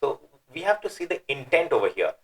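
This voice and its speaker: A man's voice: fairly high pitch, big pitch swings, fairly quick, poor audio. A man teaching a Quran verse, methodically explaining word choices and thinking aloud as he weighs the options.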